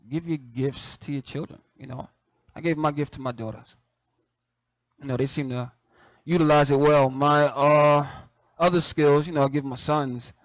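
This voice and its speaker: A middle-aged man with a light Southern accent hosts his show, talking in a relaxed, conversational way full of "you know" and soft laughs. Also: medium pitch, dry recording. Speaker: host. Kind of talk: casual reflective monologue.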